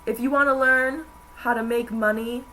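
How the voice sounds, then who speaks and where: A woman's voice: fairly high pitch, steady tone, moderate pace, sharp tone, slight background noise, poor audio. A young woman in college, chatting casually to camera in a rambling way with many fillers. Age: young adult. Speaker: vlogger. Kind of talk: casual chat.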